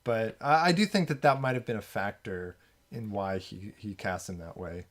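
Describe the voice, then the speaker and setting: A man's voice: on the low side, normal speed. A man hosting a film podcast, talking casually and rambling with many fillers. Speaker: podcast host.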